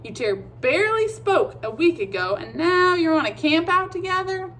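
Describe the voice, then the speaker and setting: A woman's voice: extremely high pitch, lively intonation, moderate pace, fairly bright tone, voice pushed up. A woman voicing a know-it-all boy of about thirteen who lectures his friends in exasperation. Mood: lecturing.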